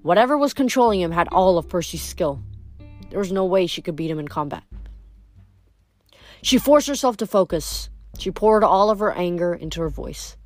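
Woman reader, low-ish voice, unhurried read-aloud with small slips. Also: expressive, no room sound, faint music behind. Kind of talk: reading a novel aloud.

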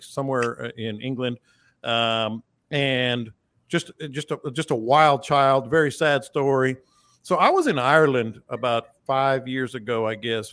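A man co-hosting a podcast, telling a story in casual chat and jumping up in pitch when he acts out his own reactions. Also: no room sound. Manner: animated storyteller, jumps up in pitch for quoted reactions. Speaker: podcast co-host.

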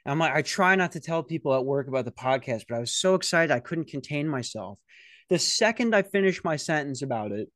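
A young man hosting a podcast, telling rambling, profane stories in a casual, animated way. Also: a little high, a little fast, dry recording, clean studio sound. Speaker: podcast host. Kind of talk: casual storytelling. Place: security office at night.

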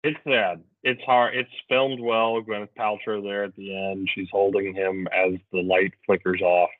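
A man's voice: on the low side, little pitch movement, a little slow, no echo. A man co-hosting a podcast, talking in an earnest, emotional way with lots of restarts. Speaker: podcast co-host. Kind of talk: casual chat. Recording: tinny phone-like audio.

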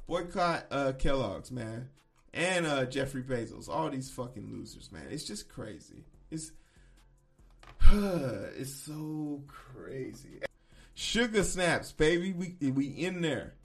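Blunt, profane podcast host ranting. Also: male voice, mid-range voice, big pitch swings, slow pace, faint music behind. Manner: blunt, profane, riffing with loud emphatic bursts. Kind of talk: casual opinion commentary.

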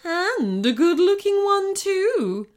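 A woman's voice: a little high, big pitch swings, a little slow, faint music behind, voice pushed up. A woman voicing an evil, greedy female goblin queen who shrieks and cackles threats. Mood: gleeful menace. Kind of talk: storybook character voice.

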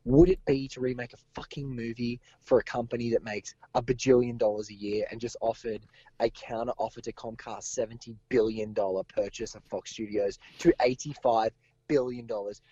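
A man with a sore, hoarse throat, co-hosting a podcast and ranting with exasperated swearing. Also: medium pitch, lively intonation, brisk, dark tone, no echo, dull audio. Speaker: podcast co-host. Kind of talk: casual podcast rant.

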